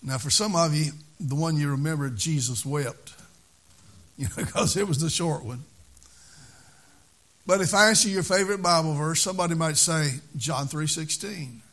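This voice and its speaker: Man, preacher, fervent repetitive cadence, fairly high voice, church sermon. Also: normal speed, long pauses, a bit bright. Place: church service.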